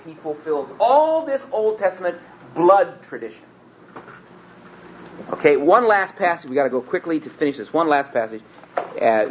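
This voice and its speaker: Emphatic man teaching a Bible lesson. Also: on the high side. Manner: earnest, emphatic, slows and rises on quoted scripture. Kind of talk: teaching sermon. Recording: dull lo-fi recording with faint hiss.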